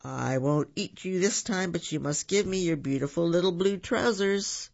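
Man putting on a boastful jungle tiger, slow and pleased with himself, a bit gravelly, on a dull lo-fi recording. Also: high-pitched. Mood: menacing, smug. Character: boastful hungry male tigers.

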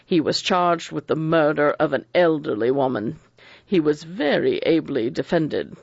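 A man's voice: a little high, vocal fry, no echo, dull audio, heavily acted. A man voicing a precise, cold elderly judge who chooses his words with care. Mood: cold, deliberate. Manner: measured, picks words with care.

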